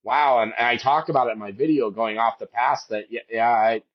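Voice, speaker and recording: A man's voice: steady tone, a little fast, dull audio. A man of about fifty, a podcast guest, telling a hike story with emotion, rambling through many restarts. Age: 50s. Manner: rambling, with many restarts, and raises his voice high to quote his wife.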